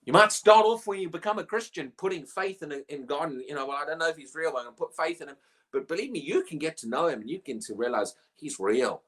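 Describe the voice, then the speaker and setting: A woman preaching a sermon, emphatic and animated, often asking rhetorical questions. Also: sits low, fast talker.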